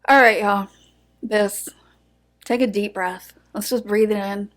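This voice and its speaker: A woman's voice: medium pitch, steady tone, unhurried, fairly bright tone. A woman co-hosting a true-crime podcast in casual chat, emotional and outspoken, with the odd curse word. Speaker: podcast co-host.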